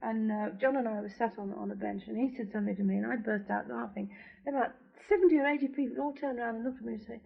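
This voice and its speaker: A woman's voice: a little high, fast talker, creaky. Woman telling stories on old radio. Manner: lively anecdotal storytelling. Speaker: opera singer, interview guest. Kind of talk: chatty radio interview. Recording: dull lo-fi 1970s radio recording.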